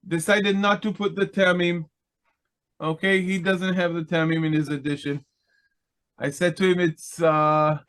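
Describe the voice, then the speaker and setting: A man teaching a biblical Hebrew lesson over a video call, his voice sitting a little high for a man. He talks slowly and haltingly, with many fillers and restarts as he works through the text. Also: a bit bright. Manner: chants Hebrew text quickly.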